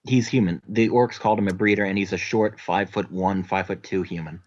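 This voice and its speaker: A man's voice: sits low, fairly even intonation, a little fast, darkish tone, dull audio. A man playing a tabletop role-playing game, chatting casually and swearing. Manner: casual, swears, laughs at own accent slips. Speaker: player. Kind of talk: tabletop role-play chat.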